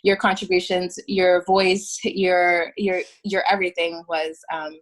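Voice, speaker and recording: A woman co-hosting a podcast, speaking gratefully and haltingly, with frequent ums. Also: fairly low pitch, flat delivery. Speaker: podcast co-host. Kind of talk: casual podcast wrap-up.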